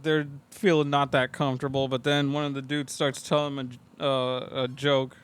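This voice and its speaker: Casually recapping a movie, this podcast co-host swears a lot and acts out characters' lines. His mid-range voice is level, clear and resonant, moving at a normal speed.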